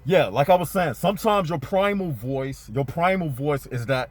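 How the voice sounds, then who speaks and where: A man's voice: on the high side, moderate pace, no echo. A man in a parked car giving a casual spiritual talk to his viewers, laid-back and slangy, speaking straight to them. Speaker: spiritual vlogger.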